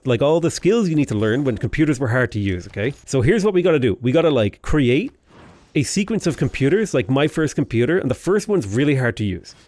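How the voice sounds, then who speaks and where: Recorded with no room sound, this young man has a medium-pitched voice with a darkish tone. He's a gaming YouTuber playing a strategy game, chatting casually and drifting into jokey tangents.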